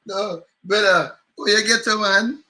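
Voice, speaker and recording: Teasing high-voiced Jamaican man. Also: steady tone, measured pace, bright, forceful tone, poor audio. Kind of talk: casual chat.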